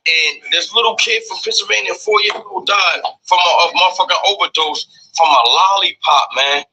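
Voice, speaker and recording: A man retelling a news story in an excitable, profane way, acting out the people in it. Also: high-pitched, moderate pace, a little hiss or hum, rough recording. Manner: profane, excitable, acts out the dialogue. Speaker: storyteller in a clip.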